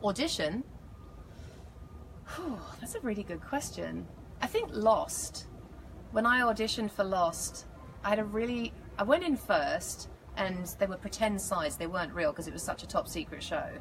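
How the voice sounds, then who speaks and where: A woman with an English accent, an actress answering fan questions in a live interview, animated, playful and self-mocking. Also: medium pitch, normal speed. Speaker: actress guest. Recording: noisy background.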